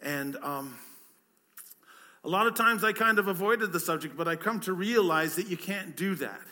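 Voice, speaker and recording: A man preaches a conversational sermon in a strikingly bright, high-sitting voice. Animated and at normal speed, he leans on rhetorical questions and often repeats words as he goes.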